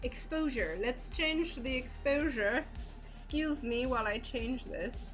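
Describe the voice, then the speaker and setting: Bubbly woman craft streamer, high voice, unhurried delivery, soft music behind. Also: expressive. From United States. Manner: bubbly and chatty, greets viewers warmly by name. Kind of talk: casual live-stream chat while painting glass.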